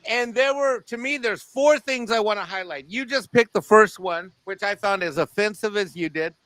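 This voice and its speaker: A man with a Mexican accent talking on a review panel, animated and joking, laughing at his own jokes. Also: sits high, normal speed, no room sound.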